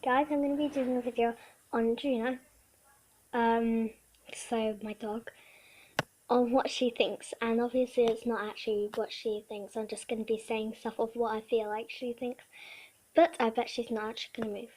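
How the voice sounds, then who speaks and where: A woman's voice: a little high, flat delivery, moderate pace, a little mellow, low-quality recording. A woman vlogger chatting casually to camera, with fillers.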